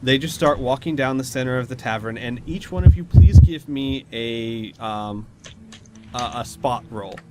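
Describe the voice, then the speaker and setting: A man's voice: mid-range voice, a little slow, heavy background noise. A man narrating scenes and explaining rules as the game master of a tabletop role-playing game, in a chatty, descriptive way.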